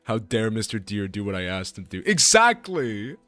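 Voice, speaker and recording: Excitable low-voiced male streamer chatting. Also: quick pace, no room sound, faint music behind. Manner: excitable, swears, laughs often and stumbles over restarts. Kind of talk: casual chat on a live stream.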